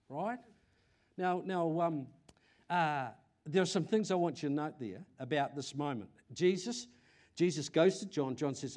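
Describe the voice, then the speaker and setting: An older man with a New Zealand accent preaching a sermon to a congregation, animated, often repeating words and asking questions. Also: on the high side, unhurried.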